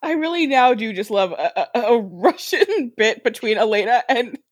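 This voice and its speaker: A woman's voice: a little high, big pitch swings, no echo, studio quality. A young woman co-hosting a podcast, chatting casually and dropping wry, joking asides. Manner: wry asides, quick laughs. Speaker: podcast co-host. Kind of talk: casual chat.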